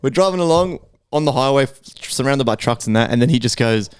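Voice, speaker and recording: Brief: Australian man, podcast co-host, clear smooth voice, swears freely while spinning a rambling yarn, close and dry sound. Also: medium pitch, animated, fast talker, no room sound. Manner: profane, rambling anecdote full of acted-out quotes. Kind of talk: casual storytelling chat.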